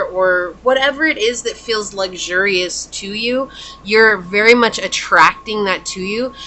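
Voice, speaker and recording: A woman giving a pick-a-card tarot reading in a chatty, reassuring and enthusiastic way, murmuring soft questions while she draws cards. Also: medium pitch, a little hiss or hum, low-quality recording. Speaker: tarot reader.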